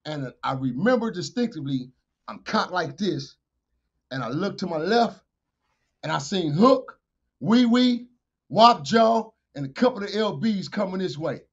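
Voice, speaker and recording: La guy, husky and a bit high, telling a wild street story full of bing bang noises, cusses a lot, muffled lo-fi audio. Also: expressive, measured pace. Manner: vivid storytelling with shouted sound effects and acted-out dialogue; profane, street slang. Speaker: podcast guest. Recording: dull lo-fi podcast audio.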